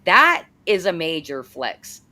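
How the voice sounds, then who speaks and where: A woman hosting an interview, chatting casually and telling animated anecdotes. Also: on the low side, takes it slowly. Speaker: interviewer, host.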